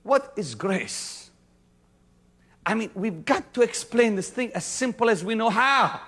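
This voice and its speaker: High-pitched preacher swinging from shouts to hushes. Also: male voice, lively intonation, a little slow, husky. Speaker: pastor. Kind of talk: sermon. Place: church before a congregation.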